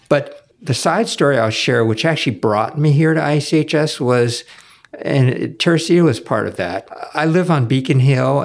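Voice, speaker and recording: Gravelly man telling a rambling story. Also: medium pitch. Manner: rambling, many fillers. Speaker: guest, former foundation executive director. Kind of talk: casual storytelling.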